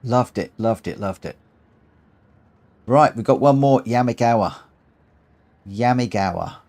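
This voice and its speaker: A man live-streaming a racing game, tired, chatting excitedly through races and reading out the results. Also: mid-range voice, unhurried. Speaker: live-stream host and sim racer. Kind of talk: live gameplay commentary.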